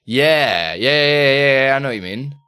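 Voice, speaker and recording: A man hosting a casual live stream, talking loosely and laughing between chat questions. His voice is bright and forward. His pitch swings widely as he talks. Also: expressive, moderate pace, clean tone. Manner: chatty and loose, reads chat aloud, laughs often.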